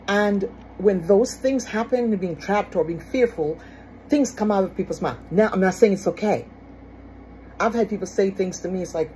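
A woman speaking in an emphatic, casual teaching manner. She has a warm, mellow tone, often repeats her key phrases and asks rhetorical questions. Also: medium pitch, expressive, moderate pace, a little hiss or hum, low-quality recording. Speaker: speaker on forgiveness.

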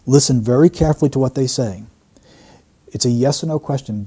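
A man working as a statement analyst, giving measured, explanatory commentary and repeating key phrases as he breaks down an interview. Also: mid-range voice, expressive, warm tone, breathy edge.

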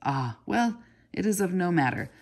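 A woman's voice: lowish voice, big pitch swings, normal speed, darkish tone. A woman reading aloud voices a fawning male Babylonian porter with a reedy, hissing voice and oily manner. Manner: oily and ingratiating.

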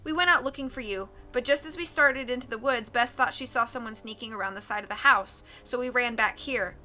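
A woman's voice: on the high side, a little fast, bright, forceful tone, a little hiss or hum. A woman voicing a practical young woman friend in a matter-of-fact way. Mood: brisk.

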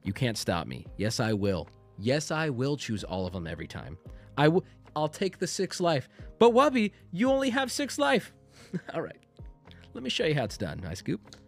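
Streamer type, thirties, lively swinging pitch, reads cards in silly voices, faint music under him. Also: male voice, moderate pace. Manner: animated, jokey, reads card text aloud with goofy voices. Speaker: streamer opening card packs. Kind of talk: casual stream chat.

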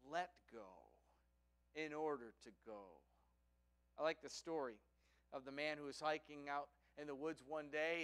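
Bright-voiced preacher telling a story. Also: male voice, sits high, clear, resonant tone. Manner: storytelling, with rhetorical "right?". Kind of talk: sermon.

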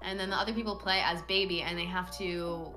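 A woman chatting excitedly while playing a video game with friends, squealing and playful. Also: on the low side, a little fast, music in the background, rough recording. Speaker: gaming guest. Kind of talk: casual gaming chat.

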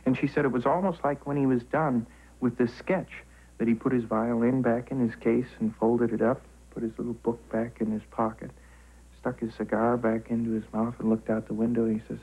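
A man telling a story in an interview, halting and often repeating words. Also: medium pitch, flat delivery, mellow, husky, poor audio.

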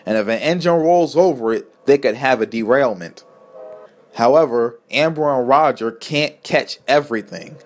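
A man's voice: medium pitch, moderate pace. A man narrating a homemade storybook tale in a plain, earnest reading voice.

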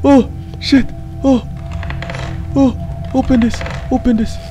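A woman commentating a horror game playthrough, jumpy and frightened, swearing, laughing nervously and shouting in fright. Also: sits high, fairly even intonation, takes it slowly. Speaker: gaming channel host. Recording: game music behind the voice.

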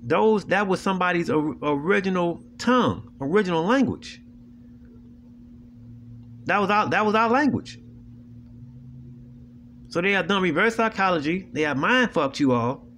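A man's voice: sits high, expressive, normal speed, long pauses, a bit bright, a little hiss or hum. A man with hosting a video, talking straight to viewers in a blunt, preachy, profane way and often asking "you know what I'm saying". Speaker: video host. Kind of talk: casual monologue to viewers.

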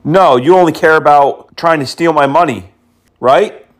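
A man's voice: on the high side, normal speed. A man prank-calling phone scammers, teasing and mocking them and dropping in Hindi words and insults. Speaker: scam-baiting prank caller.

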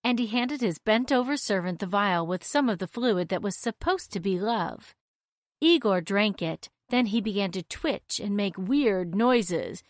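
A woman narrating a children's story aloud in an expressive read-aloud manner. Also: mid-range voice, measured pace, no room sound, clean studio sound.

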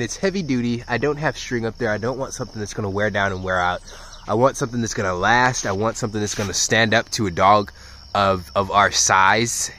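Male dog trainer, relaxed outdoor explainer, restarts often, faint cricket noise behind. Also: fairly low pitch. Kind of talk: casual outdoor instruction.

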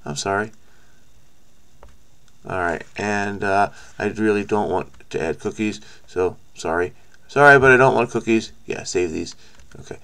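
A man's voice: lowish voice, measured pace, long pauses, pushed and bright, clear, resonant tone. A man hosting a crossword video, thinking aloud in a frenetic, rambling way, with frequent restarts and stammers. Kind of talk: casual think-aloud commentary.

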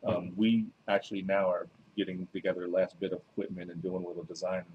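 Guest, male 30s, New Jersey accent, very low voice, earnest, faint room noise. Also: little pitch movement, highs cut off. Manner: earnest, measured, many fillers. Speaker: guest, author and minister. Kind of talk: casual interview.

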